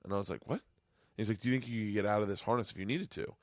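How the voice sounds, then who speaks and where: A man hosting a podcast, telling a rambling, excitable story in casual chat. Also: lowish voice, very fast, no room sound, studio quality. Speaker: podcast host. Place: home studio.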